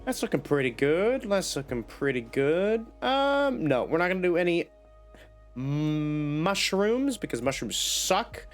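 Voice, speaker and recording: A man's voice: a little high, big pitch swings, a little slow, soft background music. A man streaming a game live, chatting playfully to himself and his viewers with a slight cough. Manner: chatty, playful self-talk. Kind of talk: casual live gameplay chat.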